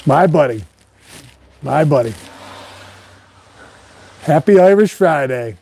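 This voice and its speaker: A man's voice: a little high, expressive, slow, darkish tone, breathy edge. A man, a fishing guide and host, chatting casually while he reads viewer comments, rambling along with many "um"s and restarts. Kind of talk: casual live chat reading viewer comments.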